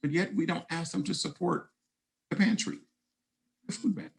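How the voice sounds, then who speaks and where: A man's voice: fairly high pitch, normal speed, gravelly, rough recording. A man in his fifties giving a conference keynote, telling stories and speaking straight to the audience.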